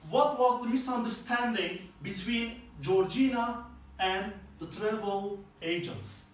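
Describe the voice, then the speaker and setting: Man, English teacher, high voice, slow step-by-step explanations, echoey room, far from the mic. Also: a little hiss or hum. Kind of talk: classroom lesson explanation.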